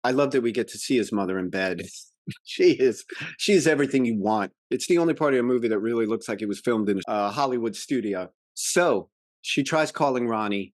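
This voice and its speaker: A male podcast co-host recapping a film in casual chat, acting out the lines in quick voices. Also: medium pitch, dry recording, clean studio sound. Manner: animated, acts out movie quotes in voices.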